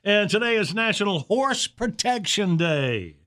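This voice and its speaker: A man's voice: high voice, sing-song, unhurried, pushed and bright. A man hosting a morning radio show, chatting in a folksy, easygoing way and laughing often. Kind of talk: casual morning radio banter.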